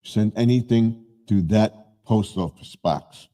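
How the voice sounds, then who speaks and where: A man's voice: lowish voice, slow, dark tone. A man in his seventies hosting a live stream, chatting casually in a rambling way and often correcting himself.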